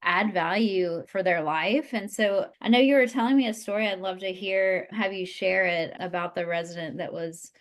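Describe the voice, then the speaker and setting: A woman's voice: medium pitch, normal speed, few pauses. A woman hosting an interview who talks in an enthusiastic, affirming way. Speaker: interview host. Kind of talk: conversational interview.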